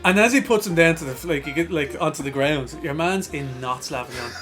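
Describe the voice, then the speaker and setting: A man's voice: on the high side, a little fast, hardly any pauses, music in the background. A young Irish man co-hosting a podcast, telling crude stories with lots of swearing and laughter, acting out the voices of the people in them. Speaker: podcast co-host. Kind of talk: crude casual storytelling.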